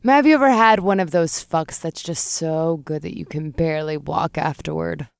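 A man's voice: on the high side, moderate pace, gravelly, clean tone, no echo, pitched above the performer's own voice. A man playing a wrathful succubus woman, blunt, crude, raised voice, dry sound. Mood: brash.

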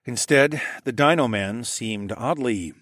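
A man's voice: mid-range voice, measured pace, a bit bright, no echo, studio quality. A man reading a first-person story aloud in a blunt, wry, sometimes profane manner. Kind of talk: first-person audiobook narration.

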